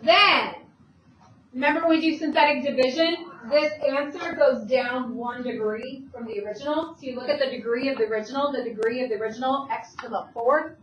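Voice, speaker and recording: High-voiced woman teaching math in an echoey classroom. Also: steady tone, a bit bright, highs cut off. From Italian heritage. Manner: brisk, talks students through steps with questions. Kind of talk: classroom lecture. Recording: echoey classroom, voice from far off, faint hum.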